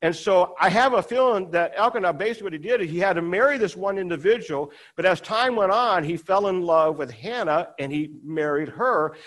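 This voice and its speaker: High-voiced man preaching a sermon. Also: a little fast, few pauses, a bit bright. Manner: conversational, acts out quoted dialogue with rising pitch.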